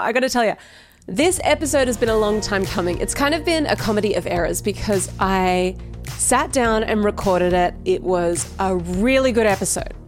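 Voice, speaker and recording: A woman hosting a casual solo podcast, chatty and upbeat, poking fun at herself. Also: mid-range voice. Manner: chatty, upbeat, self-deprecating, laughs often. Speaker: podcast host. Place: home recording setup. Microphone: headphones and studio mic.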